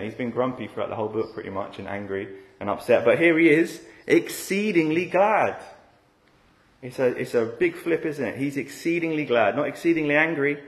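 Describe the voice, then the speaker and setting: Conversational male preacher in an echoey room. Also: medium pitch. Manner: conversational, with frequent rhetorical tag questions. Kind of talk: expository sermon.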